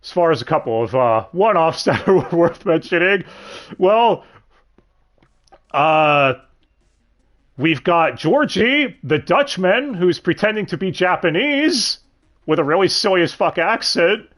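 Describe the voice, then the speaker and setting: A man hosting a casual livestream chat, animated, swearing freely and laughing often. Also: high voice, a little slow. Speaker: podcast host.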